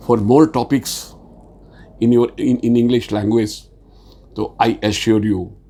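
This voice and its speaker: A man lecturing on sales communication in a halting, earnest way, repeating words and pausing often with fillers. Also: on the low side, vocal fry, dark tone, breathy edge. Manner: speaks slowly with many fillers. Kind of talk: informal spoken lecture.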